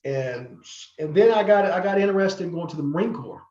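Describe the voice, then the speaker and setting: A middle-aged former wrestler from North Carolina, USA, guests on a podcast, telling long, rambling stories full of fillers and restarts and acting out the people he quotes. His voice is fairly high for a man, darkish, brisk, and lively in intonation. The sound is roomy and a little muffled.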